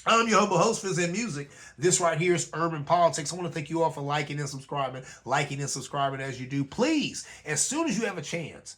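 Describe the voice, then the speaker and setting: A male host talks in a relaxed, conversational monologue, checking in with listeners again and again. His voice sits a little higher than most men's. He sounds like he is recording at home into a camera mic. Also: fairly quick, few pauses. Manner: conversational, repeats "you know what I'm saying". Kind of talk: casual commentary monologue.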